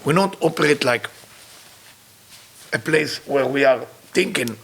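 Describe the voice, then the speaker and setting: A man's voice: mid-range voice, expressive, measured pace, creaky, fairly bright tone, slight background noise. A man teaching a spiritual lesson through a story, emotional, with non-native English grammar. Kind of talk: storytelling sermon.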